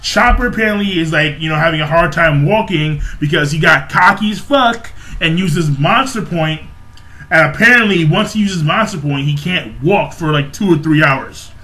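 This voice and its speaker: A young man with a high, bright voice talks through a comic chapter in a loose, rambling way. He swears freely, bursts into exclamations and laughter, and keeps restarting his sentences as he builds up to his take. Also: normal speed. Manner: excitable, profane, laughs and exclaims often; rambling with many fillers and restarts. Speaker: manga chapter reviewer. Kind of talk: casual excited recap and commentary.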